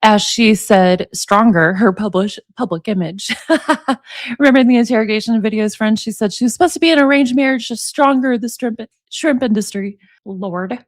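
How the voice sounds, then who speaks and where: A woman in her forties with a lilt, talking through a true-crime book for her channel. Her voice sits slightly high and the recording is dry and close. She keeps turning to her listeners with "what do y'all think.". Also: normal speed, dry recording. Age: 40s. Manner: chatty, asks viewers for opinions. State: allergies. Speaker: commentary channel host. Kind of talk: casual true-crime commentary, reading book excerpts.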